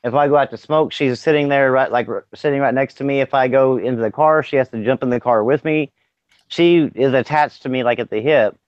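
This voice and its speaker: A man's voice: mid-range voice, brisk, no room sound. A man chatting casually on a podcast, telling rambling, profane stories. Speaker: podcast co-host. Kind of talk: casual chat. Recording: dry, dull lo-fi sound.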